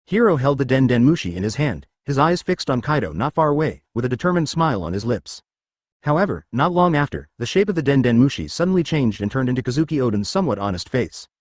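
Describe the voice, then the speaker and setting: Fast, lively male storyteller. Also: medium pitch, no echo, studio quality. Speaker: narrator. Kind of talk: scripted fan fiction narration.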